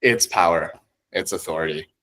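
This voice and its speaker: A man chatting as a podcast guest, excitable and heavy on swearing, often laughing as he talks. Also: low voice, normal speed, rough recording. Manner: excitable, swears a lot, laughs while talking. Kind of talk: casual chat.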